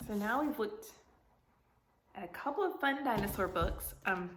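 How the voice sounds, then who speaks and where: A woman teacher reading a picture book aloud to young students, asking them questions in an animated, sing-song way. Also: mid-range voice, moderate pace, roomy sound, a little hiss or hum.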